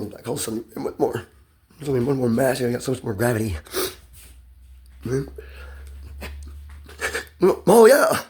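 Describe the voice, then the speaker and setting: A man's voice: fairly low pitch, a little mellow, husky. A man talking alone in a loose, rambling, profane stream of thought, as in a self-recorded monologue. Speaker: solo monologue speaker.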